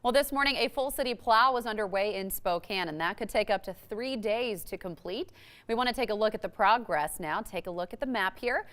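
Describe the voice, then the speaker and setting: A woman anchoring morning TV news, reading updates and school closures in a brisk, friendly way. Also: mid-range voice, fairly bright tone.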